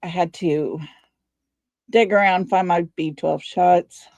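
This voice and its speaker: Her fairly low, darkish voice stays fairly even as she takes her time, a tired Texas woman with a matching accent who runs a casual livestream, greeting viewers by name and chatting folksily. The recording is dry.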